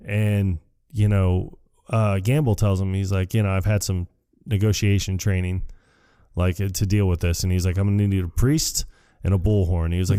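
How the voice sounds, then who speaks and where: A man co-hosting a podcast, casually recapping a film scene by scene and acting out the characters' lines in a higher voice. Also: moderate pace, clear, resonant tone. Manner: animated retelling, jumps high to act out quoted lines, laughs often. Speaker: podcast co-host. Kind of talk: casual movie recap chat.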